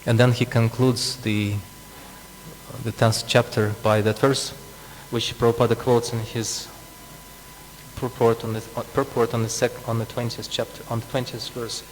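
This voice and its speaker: A man's voice: mid-range voice, little pitch movement, normal speed. Guy teaching a scripture class in a temple hall, long reverb, lil background hum, laughs a lot. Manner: chuckles often, explains with asides. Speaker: preacher.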